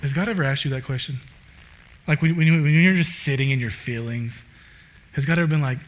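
A man preaches a sermon fast and conversationally, packing in "like" fillers. He's animated, rising to loud, emphatic bursts and then dropping to low, quiet asides.

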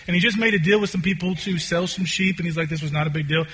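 A man preaching a conversational sermon as a pastor, swinging between loud, excited stretches and quiet, hushed ones. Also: high-pitched, fast, slightly rough.

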